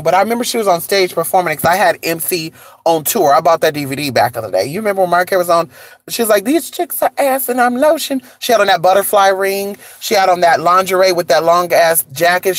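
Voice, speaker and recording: Outdoors in the cold, a vlogger chats casually about gossip in a sassy, animated way, calling listeners "honey" and "girl." The voice is medium-pitched and the recording is dry.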